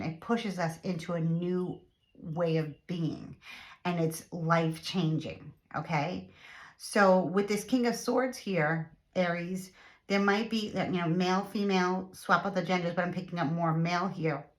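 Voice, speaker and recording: A woman's voice: lowish voice, steady tone, unhurried. Chatty woman giving a tarot reading. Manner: chatty, repeats words, many fillers. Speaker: tarot reader. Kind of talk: casual tarot reading to camera.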